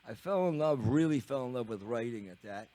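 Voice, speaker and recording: Older Canadian drummer, animated on-stage storyteller, rambling, lively swooping pitch. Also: male voice, brisk. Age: 70s. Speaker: rock drummer and bandleader. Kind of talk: storytelling on stage between songs. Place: live concert in a TV studio.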